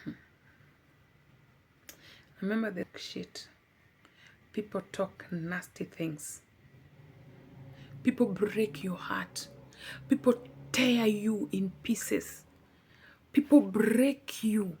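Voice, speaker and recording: A woman's voice: mid-range voice, drawn-out words, pauses often, darkish tone, slight background noise. A young adult woman vlogger giving a heartfelt personal testimony, earnest and pleading, repeating words for emphasis.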